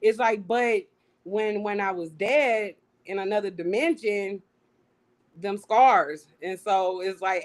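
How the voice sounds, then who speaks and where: A young adult woman telling a personal story as an interview guest, animated and acting out what she said back then. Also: medium pitch, slow pace. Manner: animated, acts out her own past lines.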